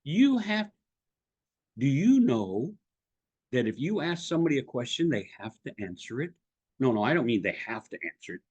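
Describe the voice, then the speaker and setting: A middle-aged man giving direct-to-camera advice as a presentation coach, emphatic and animated, often asking the viewer questions. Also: mid-range voice, moderate pace, slightly rough, lo-fi sound.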